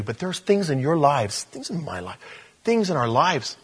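A male pastor telling a story in a sermon, animated, with stumbles and restarts. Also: fairly high pitch, normal speed, husky.

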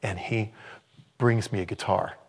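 A man in his sixties, a pastor giving an informal sermon, who swings between loud exclamations and hushed tones. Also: on the low side, fairly even intonation, measured pace, breathy edge. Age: 60s.

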